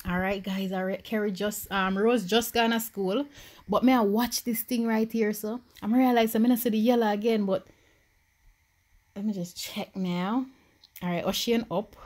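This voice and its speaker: A young Jamaican woman talks her way through a life-simulation game in a Jamaican lilt. Her mid-range voice drops to worried murmurs, then jumps up loud with joy and relief. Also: mid-range voice, normal speed. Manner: animated, swings from quiet worry to loud joy. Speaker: gaming YouTuber. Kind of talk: Sims let's-play commentary.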